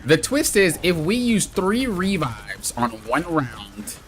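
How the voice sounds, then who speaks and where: A man live-streaming a video game with excitable, exclamatory commentary, yelling at mishaps and trash-talking his friends. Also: fairly high pitch, slow pace.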